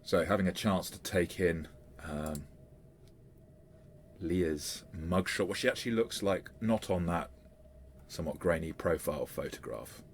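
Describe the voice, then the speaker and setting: A low-voiced man narrating a tabletop role-playing session. He pauses and restarts as he explains the rules. A faint hiss sits behind him. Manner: hesitant, with fillers and restarts. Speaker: game master.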